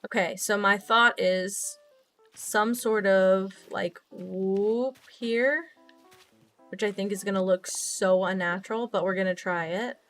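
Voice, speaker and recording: A woman's voice: mid-range voice, fairly even intonation, slow pace, fairly bright tone, soft background music. A young woman streaming from her desk at home, chatting casually with viewers and thinking aloud as she plays. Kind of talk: casual chat while playing a game.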